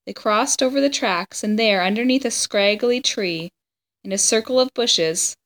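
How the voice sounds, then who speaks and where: A woman reading a children's chapter book aloud, with steady, even storytelling. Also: medium pitch. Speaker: story reader.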